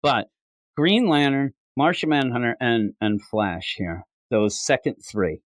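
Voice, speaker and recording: A man co-hosting a comic book podcast in casual chat. He rambles and mocks himself, and his pitch jumps up whenever he quotes someone. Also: unhurried, dry recording. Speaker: podcast co-host.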